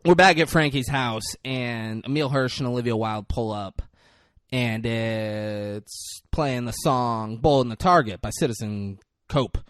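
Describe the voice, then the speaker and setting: A man's voice: medium pitch, a little slow, a bit bright, dry recording, studio quality. A young man co-hosting a casual film podcast, animatedly retelling scenes. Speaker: podcast co-host. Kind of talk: casual film review chat.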